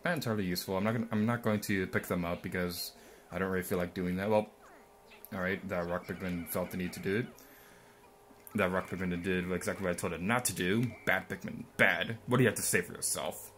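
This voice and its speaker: A man's voice: low-pitched, steady tone, quick pace, fairly bright tone, a little hiss or hum. A young man giving rambling, mildly sarcastic let's-play commentary, full of ums and asides. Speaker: gameplay commentator.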